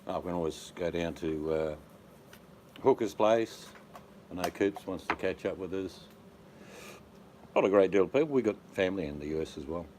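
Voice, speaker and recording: Very low-voiced man, joking casually. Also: expressive, normal speed, long pauses, darkish tone, a little hiss or hum. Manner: rambling, joking storyteller. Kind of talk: casual chat.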